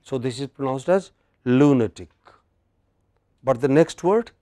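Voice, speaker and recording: In a classroom lecture on word stress, an Indian man who teaches English pronunciation quizzes his students and drills them in his Indian English accent. His delivery is expressive at a normal speed, the voice medium-pitched and mellow, with no room sound.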